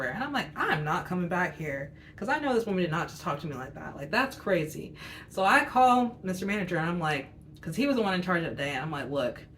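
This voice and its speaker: A woman's voice: lowish voice, fairly bright tone, slight background noise. Rambling woman in her twenties. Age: 20s. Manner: rambling, filler-heavy, candid. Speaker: vlogger telling a personal story. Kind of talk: casual storytime chat.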